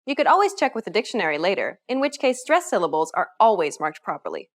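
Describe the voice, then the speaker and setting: A woman teaching a scripted pronunciation lesson, explaining clearly and upbeat, modeling example words. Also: mid-range voice, sing-song, fast talker. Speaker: language teacher.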